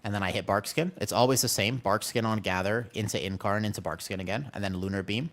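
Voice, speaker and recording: A man's voice: lowish voice, fast talker, fairly bright tone. A man streaming a game, chatty, explaining his moves while reading chat, with allergies making him sneeze. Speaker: streamer playing a tank. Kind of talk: live gameplay commentary.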